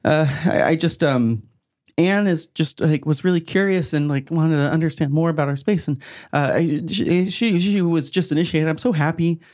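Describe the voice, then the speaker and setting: A man's voice: on the high side, moderate pace, voice pushed up, close to an everyday voice. A man doing a stammering, giddy young cult girl. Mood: giddy, flustered. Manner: stammering, breathless excitement. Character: giddy, nervous young woman cult recruit.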